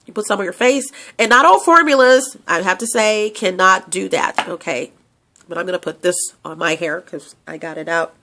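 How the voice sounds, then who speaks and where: A woman's voice: on the low side, moderate pace, sharp tone. A woman host speaks through a stuffy, sniffly nose. She rambles in a loose vlog chat, restarting sentences and filling gaps with fillers, close to a handheld microphone. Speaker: channel host selling a hair product. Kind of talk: casual product vlog.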